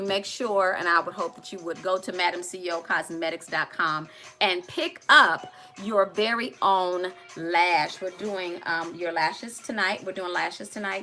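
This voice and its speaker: Casting: chatty woman, makeup tutorial host, bright clear tone, faint music underneath. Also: mid-range voice. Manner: chatty, addresses viewers directly, playful asides. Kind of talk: live makeup tutorial chat.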